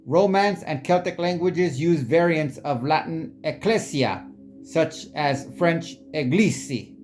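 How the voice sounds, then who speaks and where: A speaker reading long quotes aloud in a halting way, stumbling over unfamiliar words. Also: mid-range voice. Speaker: reader sharing quotes and sources.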